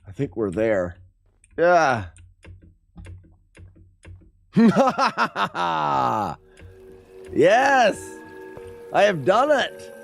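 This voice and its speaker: Gravelly guy streaming a game, bouncy pitch, trash talking chat, slow and easy. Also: wildly swooping pitch, faint music behind. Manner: playful trash talk. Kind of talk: live gameplay commentary to chat.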